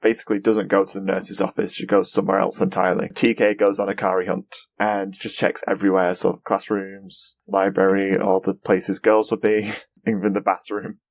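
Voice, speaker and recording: A man hosting a casual podcast, chatty and quick to laugh as he talks through an episode. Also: deep voice, little pitch movement, creaky. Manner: chatty, laughs often, mimics characters in quick asides. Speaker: podcast host.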